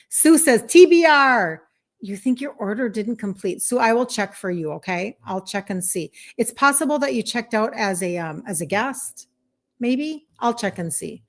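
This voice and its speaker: A woman's voice: mid-range voice, animated, normal speed. Chatty encouraging woman in her fifties. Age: 50s. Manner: chatty, encouraging, many fillers. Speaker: health coach hosting a live stream. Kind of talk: casual live-stream chat, reading viewer comments.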